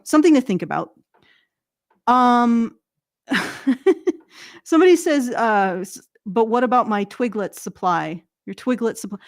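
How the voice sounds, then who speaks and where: A woman's voice: mid-range voice, dry recording, clean studio sound. A Canadian woman with a Canadian accent, a regular on a political commentary show, rambling casually and correcting herself as she goes. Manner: rambling, self-correcting, chuckles at own jokes.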